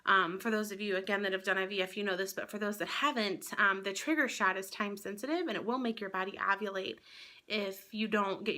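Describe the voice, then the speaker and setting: A woman's voice: medium pitch, sharp tone. A young woman vlogger telling a personal story in a candid, rambling way, swearing freely. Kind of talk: casual storytelling to camera.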